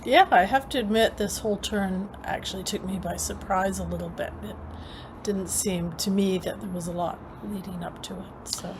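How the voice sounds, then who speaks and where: A woman co-hosting a podcast, commenting thoughtfully on soap opera episodes in a relaxed conversational way. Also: mid-range voice, moderate pace, background noise. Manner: thoughtful, conversational, frequent agreeing murmurs. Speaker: podcast co-host. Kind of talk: casual recap chat.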